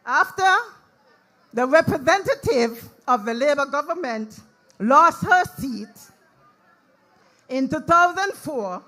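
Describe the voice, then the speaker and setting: A woman's voice: high-pitched, expressive, slow pace, pauses often, a bit bright, faint music behind, rough recording. A woman speaking at an outdoor political rally, rousing the crowd with call-and-response. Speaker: rally speaker, party supporter. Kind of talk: rally speech.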